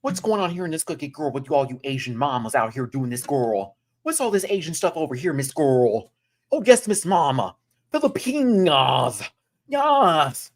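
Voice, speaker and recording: A man's voice: fairly high pitch, big pitch swings, moderate pace. A man doing an impression of a sassy, brash drag queen who calls everyone girl. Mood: sassy teasing.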